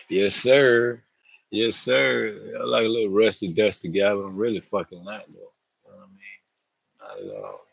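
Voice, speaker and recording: A man's voice: lowish voice, wildly swooping pitch, moderate pace, creaky, a bit bright, husky, dry recording, highs cut off. A man talking to camera outdoors in a loose, rambling monologue, slangy and profane, often laughing. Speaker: vlogger.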